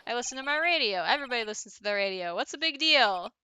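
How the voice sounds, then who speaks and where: A woman voicing a brash, lonely young male witness, talking loud, defensive and slangy while reading a game's dialogue aloud. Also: a little high, lively intonation, fast, a little hiss or hum.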